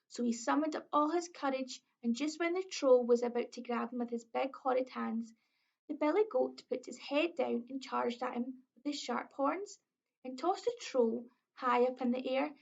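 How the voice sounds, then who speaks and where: A woman with a Scottish accent reading a children's story aloud, expressive, slow and clear. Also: high voice. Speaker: early years storyteller. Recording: dull lo-fi recording.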